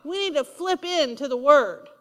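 Woman, sermon, high-pitched, emphatic repetition, long church reverb. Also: lively intonation, normal speed, fairly bright tone. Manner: emphatic, repeats key lines, asks the congregation for responses. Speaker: preacher.

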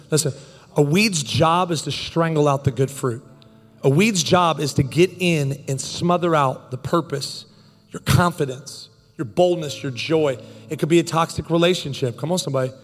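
Male pastor, 30s, animated comic storyteller in a sermon, slightly high voice, reverberant hall. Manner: animated and joking, quick bursts of speech.

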